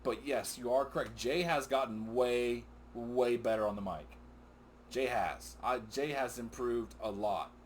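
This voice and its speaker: A man's voice: medium pitch, measured pace, slight background noise. A middle-aged man co-hosting a wrestling recap with his son, chatting casually, rambling and getting sidetracked. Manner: excitable, rambling, often sidetracked and laughing. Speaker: co-host of a father-and-son wrestling recap show. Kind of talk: casual chat.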